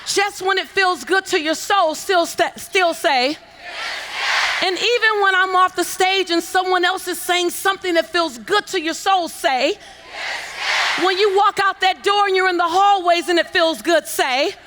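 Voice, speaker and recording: A woman giving a motivational keynote on a conference stage, coaxing the audience into call-and-response and building to shouts with repeated phrases. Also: very high voice, unhurried, crowd noise, noisy background. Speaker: motivational speaker. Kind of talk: keynote speech to a conference crowd. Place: large conference hall on stage.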